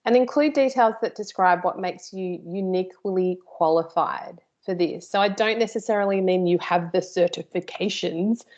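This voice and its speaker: A woman's voice: fairly low pitch, normal speed, hardly any pauses, a little mellow, muffled recording. A woman teaching a live workshop, chatty and informal, with playful asides to her host. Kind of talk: live online workshop presentation.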